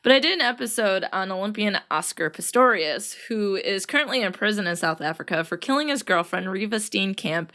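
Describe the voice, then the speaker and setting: A woman's voice: medium pitch, lively intonation, a little fast, hardly any pauses, bright, forceful tone. A woman hosting her own podcast in a chatty solo talk, worn out and very tired, laughing often as she talks. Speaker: podcast host. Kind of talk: casual solo podcast chat.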